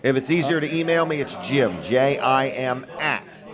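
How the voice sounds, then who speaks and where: A man hosting a local radio show, pitching sponsorships in a folksy, joking patter. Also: animated, normal speed, crowd noise. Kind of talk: casual radio talk and sales pitch.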